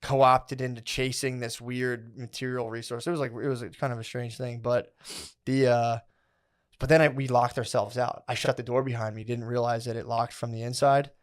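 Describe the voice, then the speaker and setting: A man's voice: medium pitch, little pitch movement, moderate pace. A man co-hosting a comedy podcast, telling a long story in a loose, rambling way, with "like" and "dude" in every phrase and plenty of swearing.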